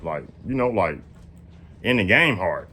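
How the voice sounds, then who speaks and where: A man in his late twenties tells a story in a loose, slangy way, swearing freely. His pitch swings widely, and he jumps up high whenever he quotes his own surprised lines. The delivery feels like unscripted casual talk. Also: sing-song, unhurried, pushed and bright, breathy edge.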